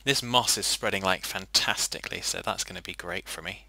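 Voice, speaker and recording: A man's voice: sits low, a little fast, sharp tone. A man chatting playfully while playing a game, joking and laughing often. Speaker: player. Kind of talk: casual gaming chat.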